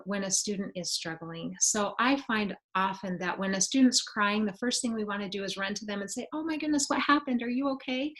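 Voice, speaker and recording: A woman presenting a webinar over a video call, explaining in a relaxed, conversational way with many fillers. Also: mid-range voice. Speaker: webinar presenter on student well-being.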